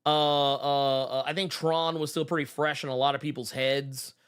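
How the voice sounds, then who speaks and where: The man hosting this live stream keeps it casual with his viewers, throwing in exclamations, swearing and jokes and laughing frequently. His voice is a little high, smooth and fairly bright, with a level tone at normal speed.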